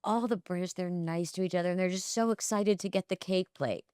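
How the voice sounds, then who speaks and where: A woman's voice: lowish voice, brisk, a little mellow, smooth, dry recording, studio quality. A woman in her fifties hosting a casual interview, wry and conversational as she asks questions. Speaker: host.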